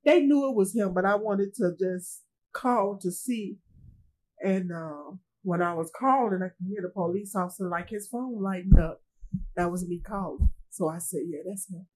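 A woman being interviewed as a grieving mother, speaking in a halting way, repeating herself and quoting others, with speech. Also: mid-range voice, darkish tone, slightly rough, low-quality recording. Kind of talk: emotional personal testimony.

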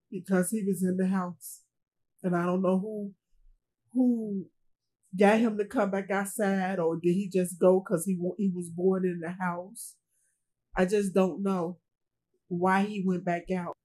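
A woman being interviewed as a grieving mother, speaking in a halting way, repeating herself and quoting others, with speech. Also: medium pitch, darkish tone, poor audio. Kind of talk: emotional personal testimony.

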